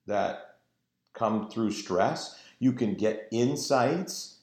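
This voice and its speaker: Slow, gravelly-voiced man preaching. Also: medium pitch, a little mellow. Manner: earnest, emphatic, drawn-out phrasing. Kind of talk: sermon. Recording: roomy echo.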